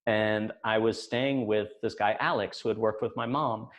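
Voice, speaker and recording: A man in his forties telling a personal story on stage, measured with deadpan asides. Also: lowish voice. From United States.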